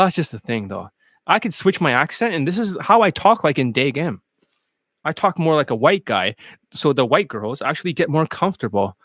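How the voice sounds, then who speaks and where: Animated man, bouncy high voice. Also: dry recording, clean studio sound. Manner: animated, blunt and profane, rambling; slips in and out of put-on accents. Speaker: dating coach. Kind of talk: casual live-stream sales monologue.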